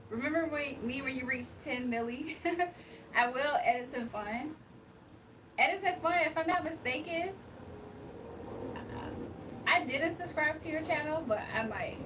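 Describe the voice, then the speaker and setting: A woman's voice: high voice, distant mic, noisy background. A woman from Virginia hosting a casual livestream, chatting loosely and reading out viewer comments. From Virginia, USA. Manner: chatty, laughs often, reads chat aloud. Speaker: livestream host.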